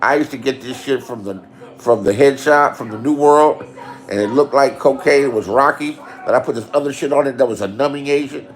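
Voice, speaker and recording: A middle-aged man telling profane comic stories, animated, with big swings between loud and hushed, repeating lines for punch. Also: mid-range voice, fairly quick. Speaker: storyteller. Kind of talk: profane comedic storytelling.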